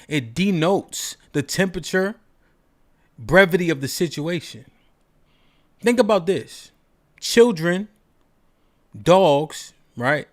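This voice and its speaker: On a call-in show, a podcast host holds forth in a fairly high voice. He's emphatic and preachy, piling up rhetorical questions and checking in with "right?" constantly.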